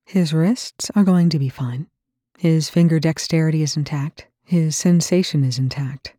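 A woman's voice: low voice, moderate pace, dark tone, no echo, clean studio sound. A woman voicing a stern, tired female medic who speaks firmly and matter-of-factly. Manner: firm, matter-of-fact.

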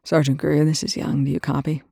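A woman's voice: low voice, little pitch movement, brisk, vocal fry, warm tone, husky, dry recording, exaggerated voice. Woman doing a curt, weary colonel. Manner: dry, curt. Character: weary, gruff male military colonel.

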